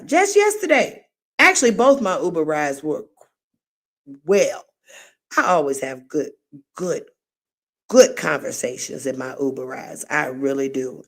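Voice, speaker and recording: A middle-aged woman hosting a livestream, chatting casually and telling meandering stories in a friendly way. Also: low voice. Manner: chatty, warm-hearted, meandering storyteller. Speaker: livestream host.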